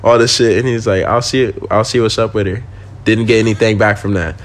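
A man's voice: lowish voice, fairly even intonation, brisk, a little hiss or hum. A young man, a podcast guest, telling a story in casual, slangy speech full of swearing and laughing.

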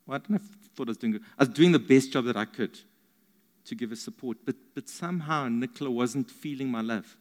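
A man's voice: mid-range voice, fast talker, darkish tone, in a large hall. A man telling his side of a faith story, encouraging and a little self-deprecating. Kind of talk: personal faith testimony.

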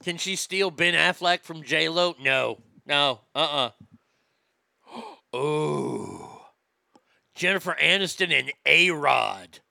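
A man hosting a comedy show, ranting loudly and profanely and mocking celebrities. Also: a little high, slow pace, vocal fry, no room sound. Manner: loud, profane, mocking, laughs at own jokes. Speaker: comedy podcast host. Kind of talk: crude comedic rant.

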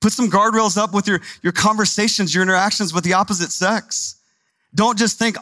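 A male pastor preaches in a loose, conversational manner, leaning hard on repeated phrases. His voice sits fairly high for a man. The sound is close and dry, with little room echo. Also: steady tone, brisk, sharp tone. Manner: conversational, emphatic, repeats words for stress. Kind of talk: sermon.

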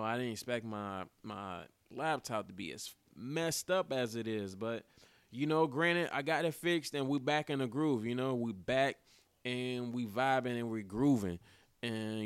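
A young man hosting his own sports podcast, talking casually and excitedly, cursing often and tossing in "man" and "yo" again and again. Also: fairly low pitch, clean tone, no echo. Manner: excitable, animated, swears freely, repeats "man" and "yo". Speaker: podcast host.

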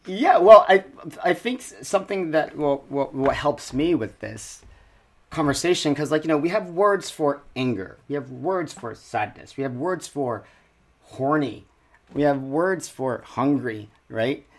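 A man co-hosting a casual podcast, talking in a halting way and searching for words with many restarts. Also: fairly high pitch, animated. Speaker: podcast co-host. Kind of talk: casual conversation.

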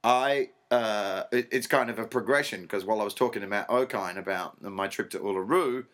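A man's voice: fairly low pitch, brisk. A middle-aged man, a stand-up comedian, telling a rambling story in a casual interview, swearing freely and acting out what others said. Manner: rambling, animated, swears freely, acts out quotes.

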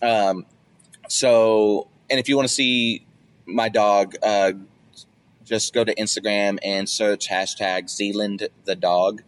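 A young man on a casual podcast, swearing a lot and joking as he tells stories, now and then jumping up high to act out other people. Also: steady tone, slow pace. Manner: profane, jokey storytelling with loud high-pitched bits when he acts out others. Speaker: podcast co-host.

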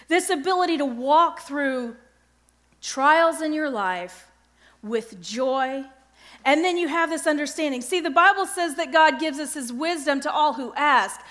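A middle-aged woman giving an earnest devotional Bible teaching, often pausing to check in with her listeners. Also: high-pitched, fairly bright tone. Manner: earnest, keeps checking in with "okay?".

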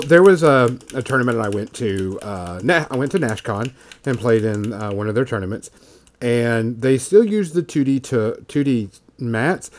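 A man's voice: mid-range voice, a little mellow. A man co-hosting a casual chat about tabletop games, explaining with lots of fillers and restarts. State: has the hiccups. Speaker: podcast co-host.

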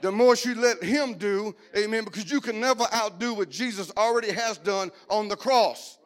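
A middle-aged male preacher delivers his sermon in a loose, lively way, slipping in jokes and stories as he goes. His voice sits notably high for a man. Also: moderate pace. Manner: lively, joking storytelling preacher style.

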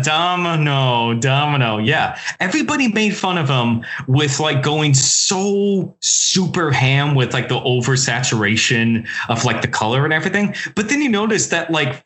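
A man hosting a casual podcast chat about films, enthusiastic and freely swearing. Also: a little high. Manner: lively, profane, enthusiastic. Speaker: podcast host.

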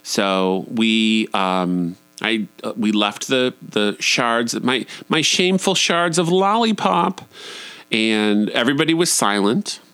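A man's voice: fairly low pitch, animated, slow pace, bright, forceful tone, clean tone, no echo. A man in his forties telling a personal story in a candid, profane, self-deprecating way. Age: 40s. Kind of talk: personal monologue.

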